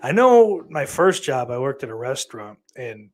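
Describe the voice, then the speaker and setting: Young male podcast host, casual livestream chat, rambling and profane, medium pitch. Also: very animated, moderate pace. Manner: rambling, profane, self-deprecating.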